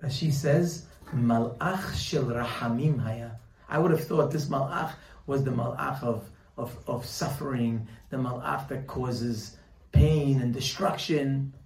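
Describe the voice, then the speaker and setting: Animated man telling a Torah lesson. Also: medium pitch, slow, creaky, echoey room, distant mic, a little hiss or hum, low-quality recording. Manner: animated storyteller, quotes voices in his telling. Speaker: Torah teacher. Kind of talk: sermon with storytelling.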